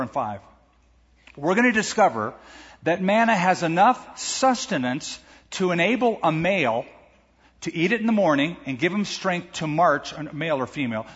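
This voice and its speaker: A man's voice: on the high side, husky. A man preaching a sermon, reading scripture and explaining it in a conversational way with asides. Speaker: pastor. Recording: echoey hall, dull lo-fi sound.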